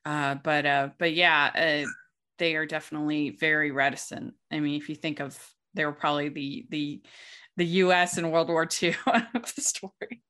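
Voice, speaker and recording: A woman hosting a casual film discussion, chatty and quick to laugh. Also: low voice, steady tone, sharp tone. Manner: chatty, laughs often, many restarts. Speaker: podcast host.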